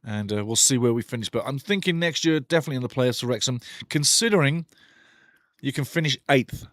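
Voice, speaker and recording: A man's voice: mid-range voice, fairly quick, fairly bright tone, no echo, studio quality. A middle-aged man hosting a live football watch-along, opinionated, ranting and joking as he comments.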